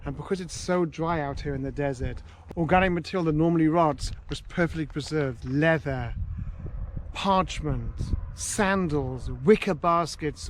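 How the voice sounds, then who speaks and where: A man working as a tour guide, telling a story outdoors at a desert archaeological site in a lively, animated way. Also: fairly high pitch, a little hiss or hum. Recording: music playing underneath.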